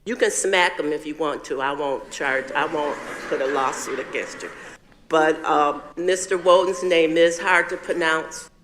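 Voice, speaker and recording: A man's voice: on the high side, measured pace, big-room sound, background noise. An older man on a school board, speaking plainly and sincerely to the audience at a public meeting.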